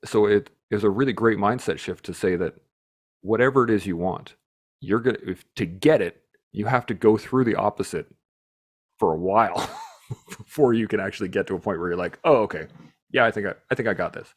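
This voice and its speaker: A man hosting a podcast, telling stories in a casual, animated way, swearing freely and laughing as he talks. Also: on the low side, brisk. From Canada. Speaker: podcast host. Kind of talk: casual storytelling chat.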